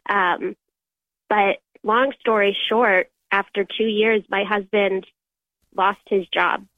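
A young woman on a call-in show shares a personal faith story in an earnest, halting way. Her voice comes through a tinny, phone-like line. The sound is dry, with no room around it. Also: mid-range voice, steady tone, dry recording. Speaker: caller.

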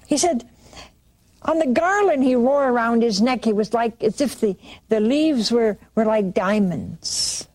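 A woman preaching, retelling a saint's vision with quoted dialogue and halting restarts. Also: a little high, animated, a little mellow. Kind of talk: sermon storytelling.

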